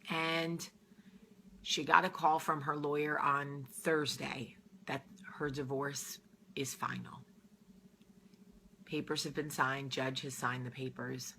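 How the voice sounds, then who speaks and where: A woman's voice: sits low, little pitch movement, takes it slowly, gravelly, bright, forceful tone, a little hiss or hum. A woman from New Jersey hosting her own show, talking to camera in an earnest, heartfelt, conversational way as she gives advice. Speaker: host. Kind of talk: casual chat to camera.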